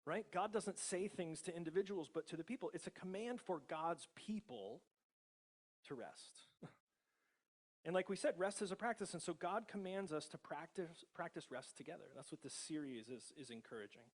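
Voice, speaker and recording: A man's voice: on the high side, animated, moderate pace. A male pastor with an American accent preaching a casual, conversational sermon, often chuckling and checking in with the congregation. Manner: conversational, laughs often, many tag questions.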